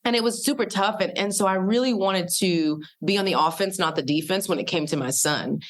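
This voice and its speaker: A woman in her thirties, a podcast guest telling stories in an animated, casual way and acting out the people she quotes. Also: medium pitch, fairly quick. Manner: lively, uses voices for quoted people. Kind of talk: animated storytelling in casual conversation.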